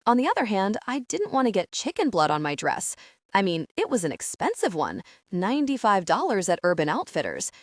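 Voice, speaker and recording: A woman narrating a novel in first person with a wry, sardonic edge. Her pitch swings a great deal as she tells the story. The sound is dry and close, with no room around it. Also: wildly swooping pitch, brisk, dry recording. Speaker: audiobook narrator.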